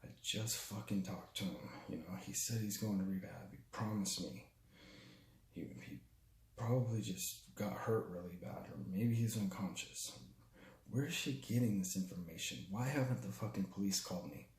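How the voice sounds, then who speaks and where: Low-voiced man telling a painful story. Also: a little mellow, roomy sound. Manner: halting and raw, with frequent restarts and profanity. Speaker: storyteller recounting his father's death. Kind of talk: personal spoken testimony.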